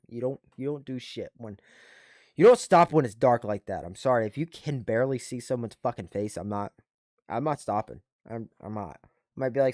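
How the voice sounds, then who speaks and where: A man streaming a casual reaction, talking bluntly with lots of swearing and halting restarts. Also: mid-range voice, lively intonation, no room sound, clean studio sound.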